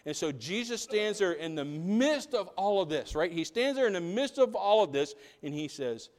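High-voiced preacher in an echoey hall. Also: male voice, normal speed. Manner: animated, swings from loud to hushed. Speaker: pastor. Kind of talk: sermon.

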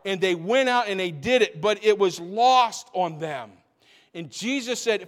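A man preaching a sermon, swinging between booming emphasis and hushed asides and repeating phrases to drive points home. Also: moderate pace. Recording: long reverb of a large hall.

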